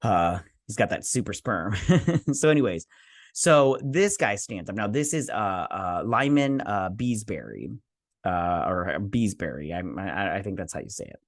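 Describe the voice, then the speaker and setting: With a lowish, expressive voice at a moderate pace, a man hosts a TV review channel in a clean studio recording without echo. He casually reviews an episode, speaking straight to viewers and filling his talk with fillers and self-corrections.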